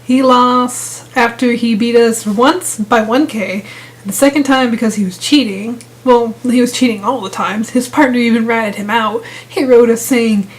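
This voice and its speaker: A woman's voice: a little high, steady tone, moderate pace, poor audio. A young woman vlogging casually about online gaming drama, sarcastic and exasperated, rambling with restarts. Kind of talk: casual ranting vlog.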